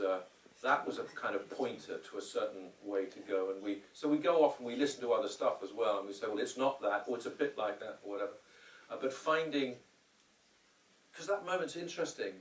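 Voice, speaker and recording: A man's voice: mid-range voice, fairly quick. A man who is a film director, answering audience questions at a live Q&A after a screening, rambling with hesitations and acting out quotes. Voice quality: rambling, full of restarts and hesitations. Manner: animated storyteller who acts out quotes. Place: cinema screening room. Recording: roomy hall, distant mic, faint ambience.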